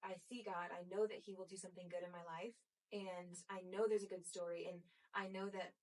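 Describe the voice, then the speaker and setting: A woman's voice: fairly low pitch, little pitch movement, a little fast, darkish tone. A young woman hosting a podcast, speaking earnestly and emotionally about faith. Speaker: podcast host. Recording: distant mic, faulty audio.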